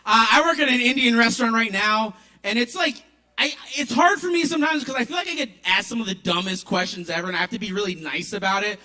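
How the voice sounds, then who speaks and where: A man from Maryland doing stand-up comedy at an open mic, with an animated, punchy delivery. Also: very high voice, fast talker. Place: kava bar open mic.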